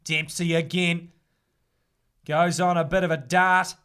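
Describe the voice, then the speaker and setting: High-voiced man calling rugby. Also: little pitch movement, a bit bright, smooth. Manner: brisk play-by-play with casual banter. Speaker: play-by-play commentator. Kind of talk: live fan sports commentary.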